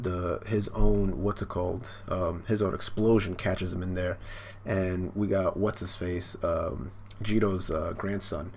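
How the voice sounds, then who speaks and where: Gravelly man rambling through a manga chapter. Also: low-pitched, steady tone, moderate pace, a little hiss or hum. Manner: rambling, filler-heavy, swears casually. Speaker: manga reaction YouTuber. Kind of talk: casual manga chapter read-along.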